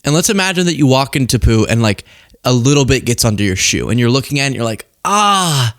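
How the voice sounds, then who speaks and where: A young man hosting casual political commentary, animated and jokey, laughing at his own rhymes. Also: medium pitch, fast, no echo, clean studio sound.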